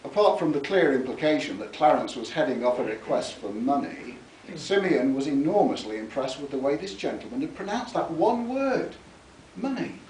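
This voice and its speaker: A man's voice: a little high, big pitch swings, normal speed, darkish tone, a little hiss or hum. Theatrical man reading aloud. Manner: theatrical, relishing words, chuckling at his own lines. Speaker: author giving a reading. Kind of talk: reading from his book with spoken asides. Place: public library talk. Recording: echoey room, mic far off.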